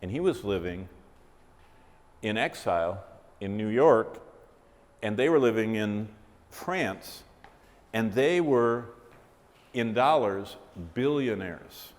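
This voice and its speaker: A man's voice: lowish voice, expressive, slow pace, long pauses. A man preaching a sermon, telling a story vividly and asking his listeners questions. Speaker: Bible teacher. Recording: reverberant hall.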